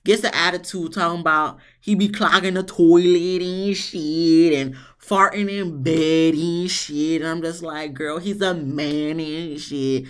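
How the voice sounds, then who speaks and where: A reviewer recapping a reality show episode in a blunt, sassy, casual way, swearing freely and jumping into high, exasperated tones. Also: fairly even intonation, unhurried, hardly any pauses, fairly bright tone, clean tone. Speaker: TV show reviewer, channel host.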